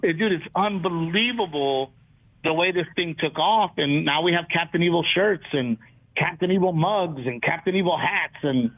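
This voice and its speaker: A man, a comedian guest in a casual interview, telling lively stories and acting out what people said. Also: a little high, normal speed. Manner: animated storyteller, acts out quotes. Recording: tinny phone-like line.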